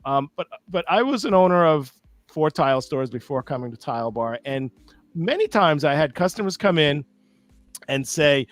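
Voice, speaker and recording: Ny guy co-hosting, excited, keeps tripping on words, dry sound. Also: fairly high pitch, normal speed, dry recording. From New York. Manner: enthusiastic, stumbles over words. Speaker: co-host. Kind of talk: casual live show chat.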